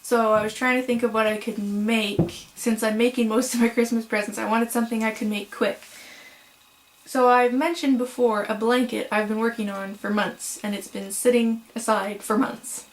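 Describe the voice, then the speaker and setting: A young woman chatting casually to camera at home about her crochet projects, with frequent "um"s and "so"s and quick apologies. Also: a little high, fairly even intonation, a little hiss or hum, rough recording. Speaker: crochet vlogger. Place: home room.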